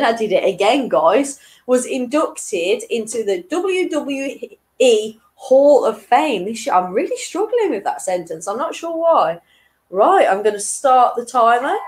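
A chatty, lively woman quiz host. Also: a little high. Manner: chatty and giggly, reading questions twice, tripping over words. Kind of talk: casual online quiz hosting.

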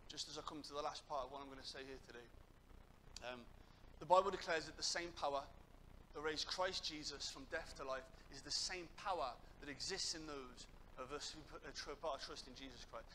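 Impassioned preacher, bright and forceful. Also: male voice, a little high, fast, a little hiss or hum, low-quality recording. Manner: impassioned, building to loud emphatic peaks. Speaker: guest preacher. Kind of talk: sermon.

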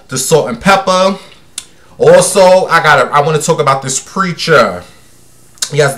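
A man's voice: medium pitch, fairly bright tone. A man hosting a casual gossip livestream, sassy and brash as he talks to his viewers. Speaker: livestream host.

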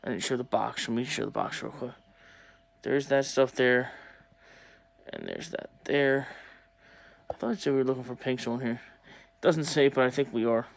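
A young man talking casually to viewers while opening sports cards, chatty and excitable. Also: mid-range voice, moderate pace, creaky. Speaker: sports card collector opening packs. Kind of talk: casual pack-opening vlog.

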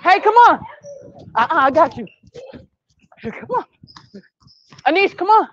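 A woman coaching a youth basketball practice, calling brisk directions and praise and gently correcting the kids. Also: very high voice, very animated. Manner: brisk, directive calls and encouragement; patient, gentle correction of the group. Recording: dull, dry lo-fi sound.

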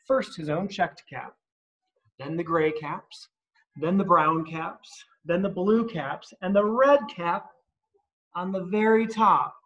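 A man's voice: sits high, slow pace, a bit bright, lo-fi sound. A man reading a picture book aloud at story time, adding chatty asides and asking the kids questions, at home. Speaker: reader at children's story time.

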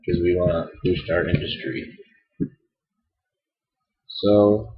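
A man's voice: low-pitched, steady tone, unhurried, pauses often. A man hosting a game let's play, stuffed up and nasal, rambling and apologetic with a wry edge. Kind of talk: casual game commentary. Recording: dull lo-fi home mic.

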